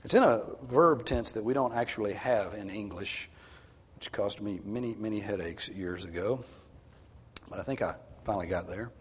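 A male pastor preaching a sermon, swinging from hushed tones to loud, emphatic exhortation. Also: fairly low pitch, normal speed, breathy edge. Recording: long hall reverb.

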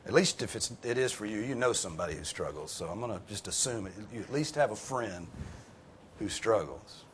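With lively intonation and a slightly fast pace, a man preaches and teaches a Bible class over a faint hiss or hum. His earnest, emphatic sermon invites group discussion, and he breaks off for casual asides before rising in pitch and volume to press his point.

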